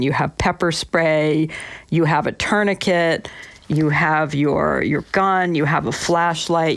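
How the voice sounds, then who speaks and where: A former police officer recalls patrol calls in an interview, talking reflectively with frequent restarts. The voice has a gravelly edge and sits mid-range. The sound is dry and close. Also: medium pitch, no room sound. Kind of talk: interview storytelling.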